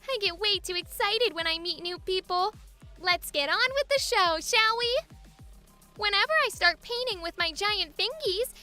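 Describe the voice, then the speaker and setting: A very high, squeaky and bright cartoon voice: a bubbly giant painter-mayor girl. She gushes, giggles and stumbles over her words from sheer excitement. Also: exaggerated voice.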